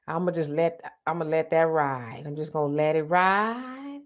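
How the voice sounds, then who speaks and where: A woman's voice: low voice, unhurried, lo-fi sound. A woman hosting a live online show, reading viewer comments aloud and greeting people by name, often laughing, with features. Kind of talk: casual live chat.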